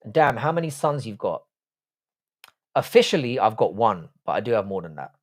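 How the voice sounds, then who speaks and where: A man in his forties with an English accent, hosting a casual livestream, greeting viewers by name and trading blunt, crude jokes full of swearing. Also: mid-range voice. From England. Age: 40s. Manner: greeting and reading out viewer chat. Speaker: livestream host.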